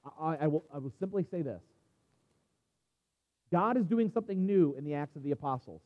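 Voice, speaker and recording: A man's voice: a little high, lively intonation, a little fast. A man preaching a sermon as a pastor, in a conversational way with frequent restarts and asides. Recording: dull sound with long hall reverb.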